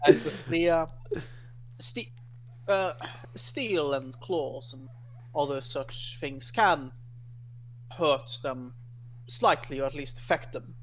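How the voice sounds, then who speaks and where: Man doing a formal cleric, scholarly, earnest, slightly high voice, halting restarts. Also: a bit bright, highs cut off, a little hiss or hum. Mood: thoughtful. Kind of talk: tabletop role-play in character.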